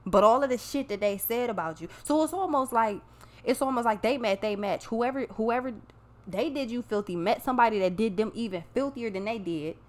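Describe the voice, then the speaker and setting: A woman's voice: on the high side, brisk. Blunt, profane woman reading tarot. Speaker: tarot reader. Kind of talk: casual tarot reading monologue.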